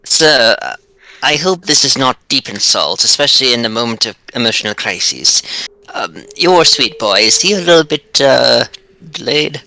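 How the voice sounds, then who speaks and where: A man's voice: mid-range voice, lively intonation, moderate pace, gravelly, pushed and bright, dry recording, heavily acted, poor audio. A man voicing a courteous, formal male adventurer who speaks with stiff politeness.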